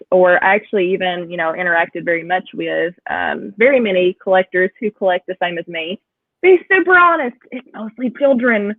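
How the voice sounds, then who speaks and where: A woman talks as a guest in a casual interview, full of enthusiasm and easy laughter. Her voice comes through narrow, phone-like call audio. The sound is dry, with no room echo. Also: mid-range voice. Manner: enthusiastic, chatty, laughs often. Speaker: guest collector.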